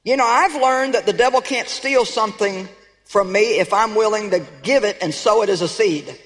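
A woman's voice: medium pitch, normal speed. Emphatic woman preaching in a big hall. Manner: emphatic, calls for audience response. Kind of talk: sermon. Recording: long reverb of a large hall.

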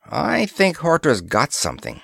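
A man's voice: a little high, huge pitch swings, a little slow, gravelly, fairly bright tone, slightly rough, no room sound, clean studio sound, voice pushed up, full character voice. A man reading a sci-fi story aloud, voicing a confident navigator who makes casual, knowing remarks. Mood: wry. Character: wry, confident male navigator.

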